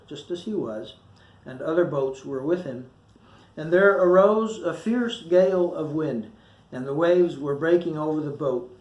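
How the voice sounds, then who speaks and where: A man's voice: a little high, darkish tone, reverberant. A male pastor giving a short sermon, reading scripture with feeling and acting out the quoted voices. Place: church.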